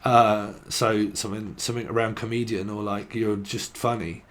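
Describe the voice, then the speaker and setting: A man's voice: fairly low pitch, level tone, moderate pace, fairly bright tone. A man giving a casual tarot reading, rambling and jokey, swearing now and then and riffing on word associations. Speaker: tarot reader.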